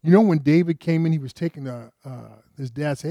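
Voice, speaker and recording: In a clean studio recording with no echo, a man with a fairly high, warm voice preaches a sermon a little quickly. He retells a story conversationally, posing rhetorical questions, restarting often, and rising in pitch for emphasis.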